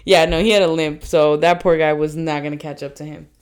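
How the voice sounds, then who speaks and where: Young woman telling animated work stories. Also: sits low, a little fast. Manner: animated, acts out quoted voices, swears freely. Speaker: podcast co-host. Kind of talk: casual storytelling chat.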